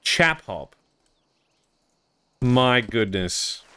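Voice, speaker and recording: Australian male streamer, rambling and wry, with an unhurried and smooth delivery. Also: medium pitch, animated, bright, forceful tone. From Queensland, Australia. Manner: rambling, wry, self-amused. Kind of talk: casual chat with stream viewers.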